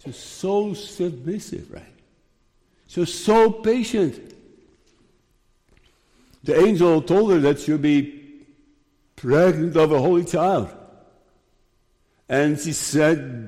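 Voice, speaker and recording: A man preaching a sermon, slow and emphatic, repeating key phrases. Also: a little high, dark tone. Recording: long hall reverb.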